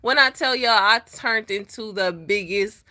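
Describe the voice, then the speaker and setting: A truck-driving woman tells a story to her viewers in a casual, animated way. Her voice is bright and forward at a middle pitch, and she jumps into high, dramatic voices whenever she quotes someone. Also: a little slow. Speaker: truck driver vlogger.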